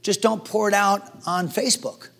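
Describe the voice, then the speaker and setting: A man preaching a sermon as pastor, acting out voices and swinging between hushed and loud delivery. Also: sits high, steady tone, normal speed, vocal fry, noisy background.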